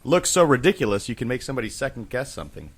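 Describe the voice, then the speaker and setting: A man's voice: medium pitch, sing-song, very fast, breathy edge. Laid-back joking man on a podcast. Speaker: podcast co-host. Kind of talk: casual chat.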